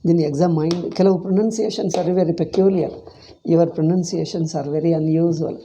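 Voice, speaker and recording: A man's voice: a little high, steady tone, fast talker, warm tone, a little hiss or hum. An older man with an Indian English accent, teaching and patiently explaining pronunciation, repeating words to model them. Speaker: Sanskrit teacher. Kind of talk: informal class discussion.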